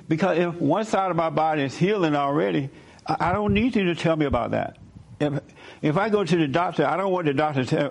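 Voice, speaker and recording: A man with a somewhat higher voice asks pointed questions in a blunt, insistent way. He keeps pushing his guest with "why" and slips into lecturing, raising his pitch as he drives his point home. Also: animated, fairly quick, creaky. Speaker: interviewer. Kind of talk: probing conversational interview.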